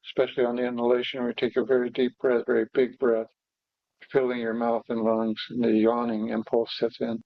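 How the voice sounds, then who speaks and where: A man teaching meditation, guiding breathing exercises slowly and haltingly, with pauses and fillers. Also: medium pitch, monotone, vocal fry, dry recording. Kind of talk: guided breathing instruction. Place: meditation hall. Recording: dull, dry lo-fi recording.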